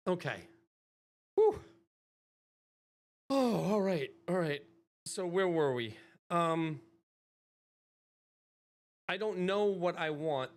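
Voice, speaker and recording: A woman's voice: low-pitched, animated, slow, long pauses. A woman streamer in casual livestream chat, rambling, swearing freely and laughing a lot. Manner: rambling, chatty.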